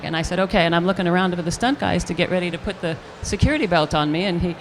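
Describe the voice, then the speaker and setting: An older woman, an actress, telling a lively anecdote in an interview, acting out the quotes as she goes. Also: fairly low pitch, very fast, a little hiss or hum. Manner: animated storyteller acting out quotes with restarts. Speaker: actress guest.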